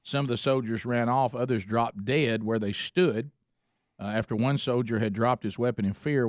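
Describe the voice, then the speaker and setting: A man's voice: medium pitch, no room sound, clean studio sound. A middle-aged man hosting a radio talk show, telling stories in an earnest, conversational way full of "uh" fillers. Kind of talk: talk radio chat and storytelling. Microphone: studio microphone.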